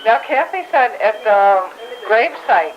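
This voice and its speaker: A middle-aged woman chatting gently with her father, asking him questions at home. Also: fairly high pitch, animated, measured pace. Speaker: family interviewer. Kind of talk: casual family conversation. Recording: dull home recording with faint hiss.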